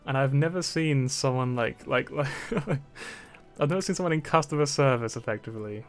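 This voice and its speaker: A young man from Britain chats on a stream at a middle pitch. He rambles along, stumbling over repeated words and breaking into laughter. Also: normal speed, soft background music. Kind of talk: casual chat.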